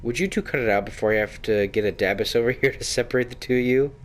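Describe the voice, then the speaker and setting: A man's voice: mid-range voice, quick pace, pitched above the performer's own voice, close to an everyday voice. A man voicing a wisecracking male floating skull companion from a fantasy video game, teasing and mocking.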